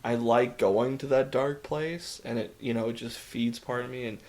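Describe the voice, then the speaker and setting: Male podcast co-host, relaxed film-review banter, enthusiastic and quick to laugh. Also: mid-range voice. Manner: enthusiastic, laughs often, loves dark films. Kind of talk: casual film review chat. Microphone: podcast microphone.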